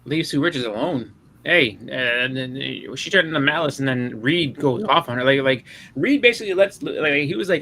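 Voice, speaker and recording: A man on a comics panel, rambling through animated retellings of comic scenes in a casual group chat. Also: medium pitch, brisk.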